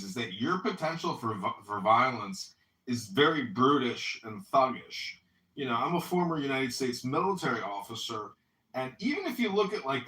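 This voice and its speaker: A man's voice: mid-range voice, pushed and bright, roomy sound, recorded from a distance, poor audio. A man chatting casually in a live audio room, a boastful, rambling storyteller. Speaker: political candidate.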